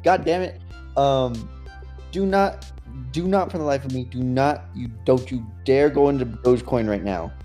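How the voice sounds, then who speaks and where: A man co-hosting a podcast in casual chat, joking and animated, swearing now and then. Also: medium pitch, normal speed, faint music behind. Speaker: podcast co-host.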